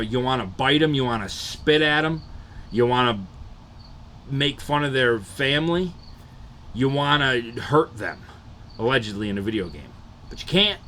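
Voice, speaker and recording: This young man's mid-range voice sounds a bit bright as he chats on a live stream, rambling and cursing his way through stories. There's slight noise in the background.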